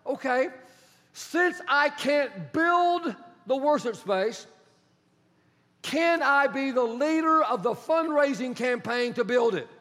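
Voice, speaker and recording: A humble, grateful king speaks earnestly and pleadingly, put on by a male preacher. The voice is high and lifted by a long hall reverb. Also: lively intonation, slow, fairly bright tone, heavily acted. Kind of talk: acted quotation in a sermon.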